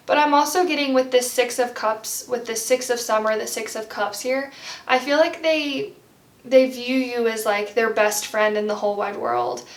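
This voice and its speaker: A young woman delivers a pick-a-card tarot reading in a gentle, heartfelt manner, rambling with plenty of "like". Her voice sits a little high. It sounds roomy and slightly distant, as if she sits back from the microphone. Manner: rambling, heavy use of "like".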